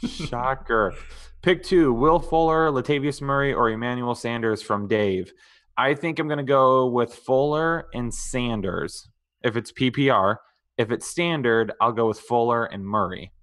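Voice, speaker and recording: A man's voice: mid-range voice, normal speed. Easygoing man reading out viewer questions. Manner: relaxed, joking, reads out viewer questions. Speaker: fantasy football co-host. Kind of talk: casual live-stream banter and Q&A.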